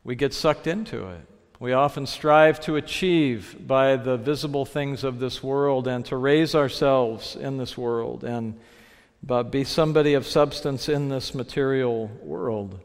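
A man preaching a sermon, telling his story in a reflective way. He slows down to lean on the phrases that matter. His voice sits in a middle pitch and carries a long reverb from a large hall. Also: smooth.

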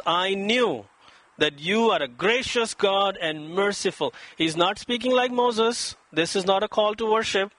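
Bright high-voiced preacher man. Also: lively intonation, a little slow, no room sound. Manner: dramatic, acts out quoted voices with rising pitch. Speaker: pastor. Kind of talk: sermon.

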